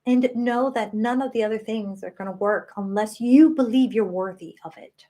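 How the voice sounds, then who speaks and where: A woman's voice: medium pitch, moderate pace, warm tone. A woman in her late thirties hosting a live stream, talking earnestly and emotionally about self-worth. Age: 30s. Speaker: spiritual channel host.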